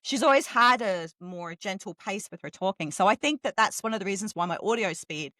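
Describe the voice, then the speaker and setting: A middle-aged woman from England, co-hosting a podcast in casual chat, talking fast and swearing freely. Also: medium pitch, expressive, fairly bright tone, dry recording. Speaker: podcast co-host.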